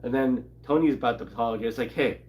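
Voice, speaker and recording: A man's voice: mid-range voice, fast, highs cut off. Rambling man recapping a comic. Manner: rambling, reads character lines aloud with laughs. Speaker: comic channel co-host.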